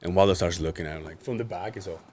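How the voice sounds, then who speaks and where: A man's voice: deep voice, rapid-fire, darkish tone. A man, a podcast co-host, telling a story in casual chat, acting out quotes, laughing and swearing freely.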